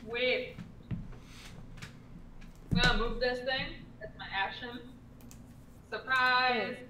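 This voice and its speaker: A woman playing at a tabletop game table, animated and excitable in casual chat. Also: a little high, takes it slowly, far from the mic, background noise. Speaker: player. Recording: echoey room, away from mic.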